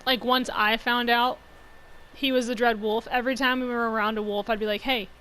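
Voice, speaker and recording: A woman's voice: a little high, level tone, brisk, a bit bright, clean tone, poor audio. A woman hosting a let's-play video, chatting to her viewers as she plays, joking and laughing often. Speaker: gaming channel host.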